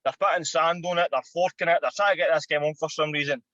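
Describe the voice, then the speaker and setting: A Scottish man in his thirties, a former footballer and podcast guest, telling an animated, sweary anecdote. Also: a little high, fast, no echo, muffled recording. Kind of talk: casual storytelling.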